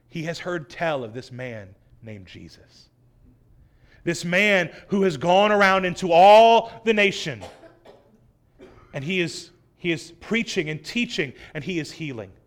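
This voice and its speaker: High-voiced preacher man, dramatic. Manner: dramatic scripture reading, swelling loud then dropping soft. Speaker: pastor. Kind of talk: sermon.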